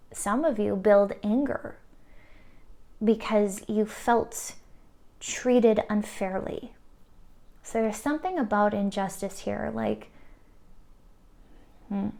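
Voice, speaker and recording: A woman giving an intuitive pick-a-card tarot reading, soft and earnest, with many "like" fillers. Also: medium pitch, vocal fry. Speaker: tarot reader.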